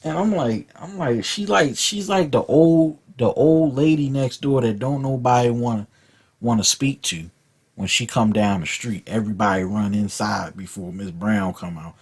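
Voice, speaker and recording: A man's voice: medium pitch, normal speed, slightly rough. A man telling a profane, rambling story from his school days in a casual rant, often repeating words. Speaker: vlog host.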